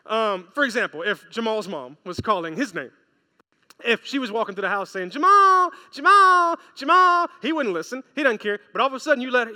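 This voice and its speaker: A man in his thirties preaching a sermon, telling stories and acting out the lines of the people in them. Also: very high voice. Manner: storytelling, animated, acts out quotes. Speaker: pastor. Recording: long reverb of a large hall.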